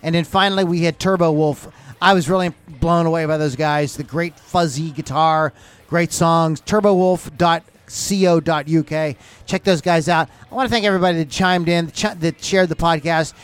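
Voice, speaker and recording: Man, podcast host, casual chat, loose and joking, high-pitched. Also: fairly even intonation, normal speed, clean tone. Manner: loose, rambling, jokey.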